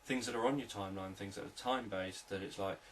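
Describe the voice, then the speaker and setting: A man, a hypnotherapist, explaining sales techniques in a calm, repetitive, unscripted teaching talk. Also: fairly low pitch, fast talker, recorded from a distance, slight background noise, poor audio.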